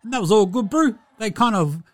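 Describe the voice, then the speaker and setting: A man doing an impression of a laid-back male New Zealand basketball player, with a put-on New Zealand accent and a slow, easygoing drawl. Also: high-pitched, expressive, voice pushed up. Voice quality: laid-back drawl, ends phrases with "brew" and "eh". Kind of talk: comedy impression sketch.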